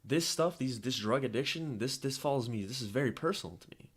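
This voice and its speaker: A man's voice: medium pitch, lively intonation, fairly quick, husky. A young man hosting a podcast, delivering a heated, profane political rant and repeating his points. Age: young adult. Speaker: podcast host.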